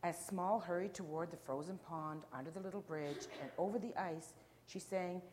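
A woman storyteller with a low voice reads a picture book aloud to children in an animated, playful way. She stops to ask her listeners questions and sometimes drops to a whisper, with a faint hiss in the background.

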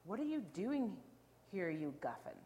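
A woman's voice: mid-range voice, sing-song, measured pace, warm tone, dull audio, slight background noise. A woman doing a bold little girl. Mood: teasing. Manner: cheeky and unafraid, sings rhymes. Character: small, bold, cheeky youngest girl.

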